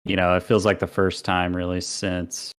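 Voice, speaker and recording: A man's voice: deep voice, monotone, normal speed, clean tone. A man hosting a podcast, reacting and commenting in an easygoing, affirming way. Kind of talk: casual chat.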